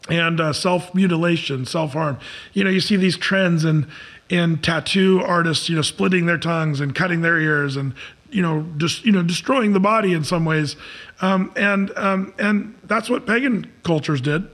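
A man's voice: on the high side, a bit bright. A man preaching in a loose, conversational sermon, telling the story dramatically with many fillers and restarts.

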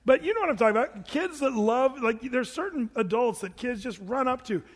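Male preacher, high voice, chatty and playful, booming hall reverb. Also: lively intonation, brisk, husky. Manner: informal, joking asides, acts out the people in the stories. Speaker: pastor. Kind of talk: conversational sermon.

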